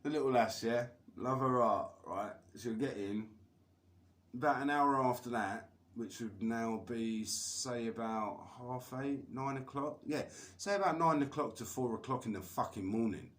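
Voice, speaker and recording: A man's voice: mid-range voice, measured pace, fairly bright tone. A man telling a long rambling story on a live stream, swearing constantly and laughing between lines. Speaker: livestreamer.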